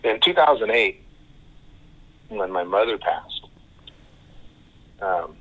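A middle-aged man telling a personal story as a podcast guest, halting and repeating himself. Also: fairly low pitch, lively intonation, pushed and bright. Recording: tinny phone line.

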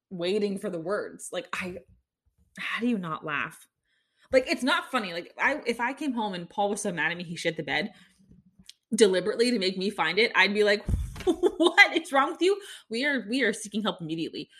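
Bright-voiced woman podcast host. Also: mid-range voice. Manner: incredulous, rambling, many restarts and laughs. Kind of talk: casual solo podcast commentary.

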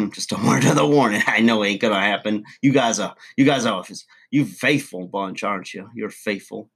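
A man's voice: lowish voice, normal speed, gravelly, fairly bright tone, slightly rough. Folksy man rambling to camera. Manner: folksy rambling storyteller, self-important. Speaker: channel host. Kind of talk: comedic character monologue to camera.

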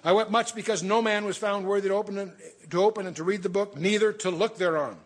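A man's voice: high voice, steady tone, quick pace. A man teaching a verse-by-verse Bible study, reading scripture aloud and breaking off to explain it with asides and restarts.

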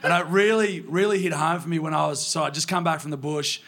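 A man's voice: fairly high pitch, fairly even intonation, fast, fairly bright tone. A young man from the New South Wales countryside with an Australian accent, a podcast guest telling chatty, sweary stories live. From Australia, rural New South Wales. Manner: chatty, swears often, acts out others in anecdotes. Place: brewery venue, live audience.

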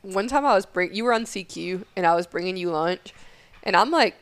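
Animated woman telling profane stories. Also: mid-range voice, fairly quick, no room sound. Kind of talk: casual podcast chat.

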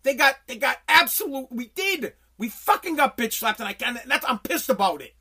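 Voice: medium pitch, sing-song, moderate pace, few pauses, sharp tone, breathy edge. Podcast host, angry rant, profane, repetitive, stammering restarts. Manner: profane, heated, repeats phrases for emphasis; stammers and restarts when worked up.

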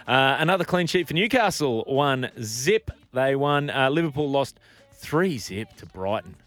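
A man's voice: mid-range voice, expressive, measured pace, a bit bright, soft background music. A man co-hosting a radio show, chatting about sport in an easygoing, rambling way. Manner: easygoing, rambling, chuckles often. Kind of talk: casual sports chat on air.

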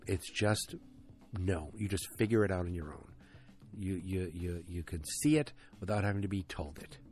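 A man's voice: low-pitched, animated, moderate pace, a little mellow, faint music behind. A man casually recapping a TV episode, ranting, swearing and drifting off on tangents.

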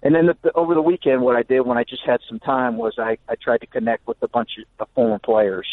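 A man phones in as a coach on a radio show. His voice is at an ordinary middle pitch and sounds tinny and narrow through the phone line. He answers earnestly, hesitating with fillers and restarting his sentences as he thinks aloud. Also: steady tone, quick pace, no echo. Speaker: basketball coach, guest.

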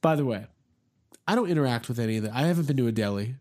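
A young man hosting a podcast in casual chat, excitable and rambling, poking fun at himself. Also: medium pitch, racing. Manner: excitable, rambling, self-mocking. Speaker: podcast host.

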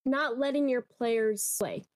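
A woman co-hosting a casual podcast, explaining in a relaxed, easygoing way. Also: on the high side, takes it slowly. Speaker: podcast co-host. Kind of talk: casual chat.

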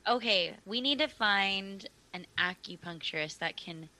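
Young female co-host, excitable, bright tone, animated delivery. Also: medium pitch, measured pace, low-quality recording. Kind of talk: casual chat.

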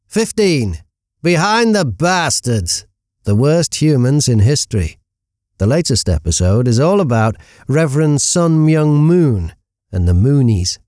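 A man hosting a radio show, presenting a podcast chart countdown in a brisk style with dry humor. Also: mid-range voice, darkish tone, no room sound.

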